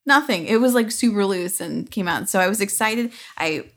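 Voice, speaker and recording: A woman's voice: mid-range voice, animated, normal speed. A woman co-hosting a podcast, telling stories in a chatty way with many fillers and giggles. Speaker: podcast co-host. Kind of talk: casual chat.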